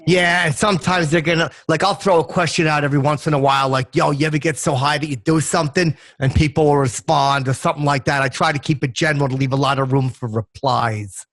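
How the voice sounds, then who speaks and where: A man voicing a crude, dim-witted young bro hosting a comedy podcast, talking with deadpan, clueless bravado. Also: fairly high pitch, quick pace, hardly any pauses. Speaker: podcast host. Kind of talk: comedic character podcast chat.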